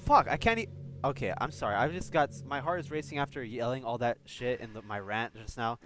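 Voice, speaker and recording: A man's voice: medium pitch, lively intonation, brisk, a bit bright. A man hosting a game playthrough, reading a story aloud and breaking off into passionate, heated, swearing rants. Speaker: let's play host.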